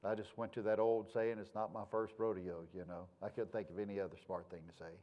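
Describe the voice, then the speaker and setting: A man's voice: fairly low pitch, level tone, brisk, lo-fi sound. A male pastor, preaching in a folksy, conversational way with homespun sayings. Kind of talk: sermon.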